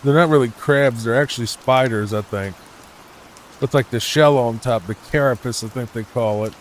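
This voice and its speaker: Man, soft rambling sleepy gameplay talk, halting, faint rain behind, mid-pitched voice. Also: slight background noise. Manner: soft-spoken, rambling, full of hesitations. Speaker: gaming channel host.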